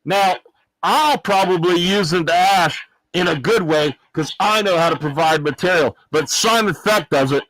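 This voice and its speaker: A man voicing a loud, dim-witted clown from the American South in his fifties, speaking in a put-on Arkansas accent and ranting brashly with shouted insults in a comedic livestream bit. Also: high-pitched, measured pace, no room sound, low-quality recording. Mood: mocking. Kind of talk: comedic livestream character rant.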